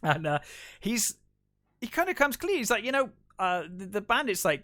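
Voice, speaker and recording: A man's voice: high voice, very animated, moderate pace, sharp tone, no echo. A man co-hosting a film podcast, casually retelling scenes and acting out the characters' lines with lots of fillers. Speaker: podcast co-host. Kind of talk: casual film review chat.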